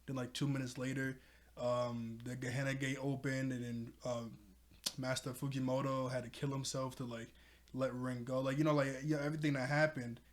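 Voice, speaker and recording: A young man casually recapping an anime episode as a reviewer, rambling with lots of "like" and "you know" and clearly an excited fan. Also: mid-range voice, a little fast. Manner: enthusiastic fan.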